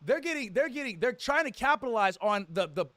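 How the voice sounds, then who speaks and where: A young man with a fairly high voice calls video game football plays live, shouting over big moments and tossing out casual slang. Between plays he greets his chat like an old friend. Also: sing-song, fairly quick, no room sound. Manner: hype play-by-play with casual slang, chats with viewers. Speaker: streamer and tournament commentator. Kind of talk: live-stream play-by-play commentary.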